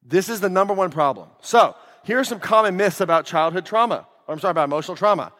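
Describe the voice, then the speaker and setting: A man giving a lively seminar talk as a life coach, putting questions to the audience. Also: sits high, fast talker. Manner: energetic, asks the crowd questions. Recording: echoey hall.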